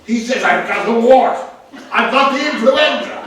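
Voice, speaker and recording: An actor playing a dim-witted, fussy English lord on a theater stage, stammering through constant hesitant fillers. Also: male voice, high-pitched, lively intonation, unhurried, fairly bright tone, heavily acted. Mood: befuddled. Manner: constant hesitant 'uh' fillers, muddled logic. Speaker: actor in a play reading. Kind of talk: stage play reading. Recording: very echoey theater, distant mic, faint hiss.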